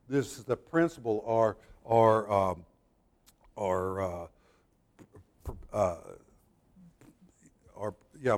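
Male Bible teacher, mid-pitched, explanatory sermon delivery, halting asides. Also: darkish tone. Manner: explanatory, with frequent restarts and asides.

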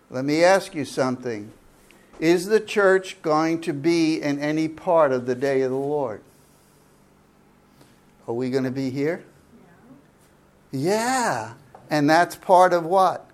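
Pastor guy teaching the bible slow and deliberate, kinda high voice, quizzing the room. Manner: asks the congregation questions, explains Greek words; slow, drawn-out emphasis.

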